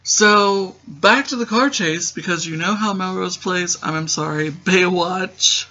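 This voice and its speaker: Male recapper, sarcastic and rambling, bright voice on a muffled lo-fi recording. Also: sits high, takes it slowly. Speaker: show recap host. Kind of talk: casual comedic TV recap. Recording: dull lo-fi recording.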